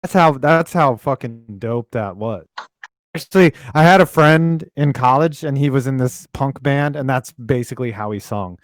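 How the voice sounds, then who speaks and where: A man's voice: medium pitch, moderate pace, no echo. A man co-hosting a podcast in casual chat, joking and riffing with plenty of profanity. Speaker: podcast co-host.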